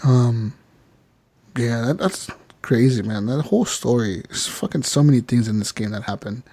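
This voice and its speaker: A man's voice: medium pitch, moderate pace, warm tone, dry recording. Swearing, laughing podcast co-host man. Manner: swearing, laughing, recounting scenes with quoted dialogue. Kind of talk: casual chat.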